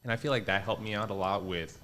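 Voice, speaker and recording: A young man, a comedian guest on a podcast, talking casually and swearing often, lively when he quotes people. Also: lowish voice, quick pace, a little hiss or hum. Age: young adult. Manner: relaxed, swears a lot, animated quoting voices.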